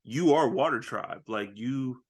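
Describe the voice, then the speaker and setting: A man's voice: mid-range voice, unhurried, breathy edge. A man co-hosting a podcast, recapping a movie in casual chat, acting out lines and laughing often. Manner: animated storytelling, acts out lines, laughs often. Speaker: podcast co-host.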